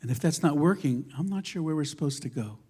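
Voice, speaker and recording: A man's voice: a little high, lively intonation, quick pace, breathy edge. Male rabbi, sermon in a synagogue; emphatic, wide-ranging delivery, wry storytelling. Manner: impassioned, emphatic, swinging between loud declarations and quiet asides; conversational storytelling with self-deprecating humor. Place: synagogue sanctuary.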